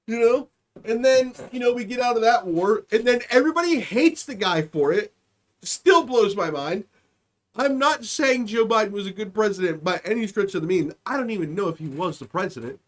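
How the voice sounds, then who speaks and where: A man's voice: high-pitched, expressive, moderate pace. A man hosting a comedy podcast, ranting in a profane, rambling monologue and slipping into mocking voices. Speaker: podcast host. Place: home streaming setup.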